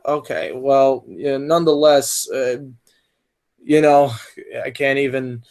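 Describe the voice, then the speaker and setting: A young man hosting a casual podcast, rambling and filling pauses as he reads questions and tells stories. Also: medium pitch, a little mellow. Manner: rambling, many fillers and restarts. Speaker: podcast host.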